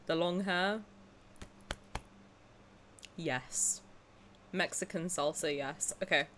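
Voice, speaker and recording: A young woman streamer chatting casually and excitedly to her viewers, dramatic and joking crudely. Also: on the low side, slow pace, slight background noise. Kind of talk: casual livestream reaction chat.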